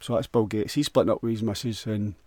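A man's voice: fairly low pitch, steady tone, fast, warm tone, no room sound, clean studio sound. Rambling crude Scottish man. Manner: crude, meandering, jokey, stumbles over words. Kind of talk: rambling solo monologue.

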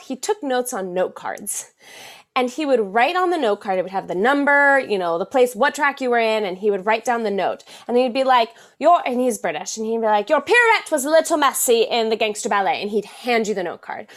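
A woman's voice: fairly high pitch, a little fast. A young adult woman, a Broadway performer, chatting as a podcast guest and acting out the quotes in her stories. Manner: animated storyteller, acts out quotes. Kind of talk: casual podcast interview.

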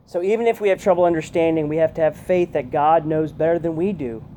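A woman giving a conversational youth sermon, often checking in with her listeners with a quick "right?". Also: deep voice, mellow, slight background noise. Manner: chatty, keeps asking "right?". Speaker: youth pastor.

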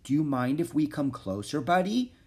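A man's voice: a little high, sing-song, pitched above the performer's own voice. A man voicing Annie, a cheerful, kind young girl, in a storybook reading. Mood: eager. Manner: bright, kind, quick to comfort.

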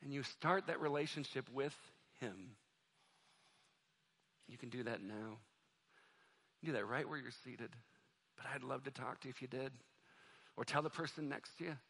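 A male pastor preaching a sermon in a church, moving between loud, fervent stretches and soft, quiet appeals to the congregation. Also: mid-range voice, husky. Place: church sanctuary.

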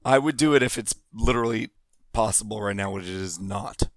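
A man's voice: fairly low pitch, brisk, dry recording. Man, casual podcast co-host, dry teasing delivery, close dead-sounding mic. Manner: sarcastic, teasing. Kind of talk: casual chat.

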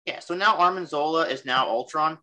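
A man co-hosting a casual podcast, rambling excitedly and acting out quotes. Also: a little high, a little fast. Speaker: podcast co-host. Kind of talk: casual chat.

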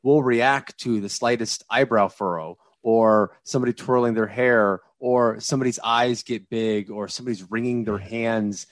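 A man who once taught communication, a guest in a conversational interview, explaining in an animated, lecturing way. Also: medium pitch, moderate pace, hardly any pauses, no echo. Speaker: guest, former communication teacher.

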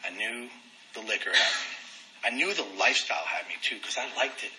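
Man with a sharp bright voice. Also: mid-range voice, fairly quick, a little hiss or hum, low-quality recording. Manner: candid, animated storytelling with self-deprecating humor. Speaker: speaker sharing his recovery story. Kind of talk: personal testimony talk.

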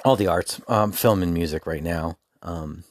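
Man, deep low voice, podcast host, candid casual monologue, dry close sound. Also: a little slow, no echo. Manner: candid, informal and conversational.

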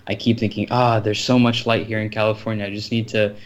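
A man co-hosting a casual podcast, easygoing and halting, often repeating words. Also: on the low side, little pitch movement. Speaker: podcast co-host.

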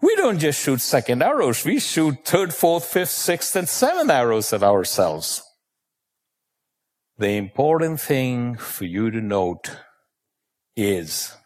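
Give me a man telling a stage audience stories, with slow, deliberate emphasis and pauses. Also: mid-range voice, big pitch swings. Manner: asks the audience questions. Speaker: motivational speaker. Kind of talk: motivational talk with storytelling.

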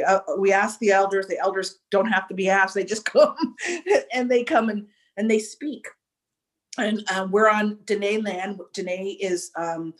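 A woman speaking as a podcast guest, recounting a personal experience. She is reflective and emotional, and she stops and restarts as she searches for the right words. Her pitch sits in the middle of the range. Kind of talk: personal storytelling in conversation.

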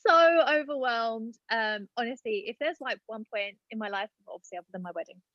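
A woman's voice: fairly high pitch, a little fast, lo-fi sound, a crowd in the background. A woman in her late twenties, telling a personal story in casual chat with lots of fillers. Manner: chatty storytelling, many fillers. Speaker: guest.

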